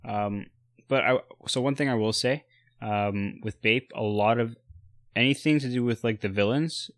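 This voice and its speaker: A man co-hosting a casual chat about sneakers and streetwear, relaxed, with lots of fillers and restarts. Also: medium pitch, normal speed, dry recording, studio quality. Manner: relaxed, many fillers and restarts, giving buying advice.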